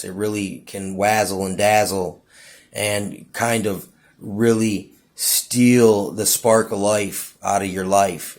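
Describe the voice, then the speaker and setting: A man rambling through a casual monologue, stumbling over his words and saying "dude" and "you know what I'm saying" again and again. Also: on the low side. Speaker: vlogger.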